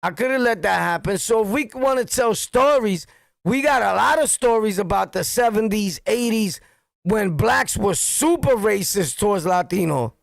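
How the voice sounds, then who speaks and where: A middle-aged man with a New York accent, a streamer telling street stories in a blunt, profane, animated monologue. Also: high-pitched, moderate pace, vocal fry, no echo. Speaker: streamer and commentator. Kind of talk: heated street-talk monologue.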